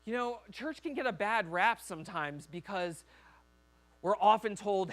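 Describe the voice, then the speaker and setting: A man's voice: sits high, expressive, moderate pace, a bit bright. A man preaching a sermon as a pastor in a church, talking conversationally and acting out quoted voices.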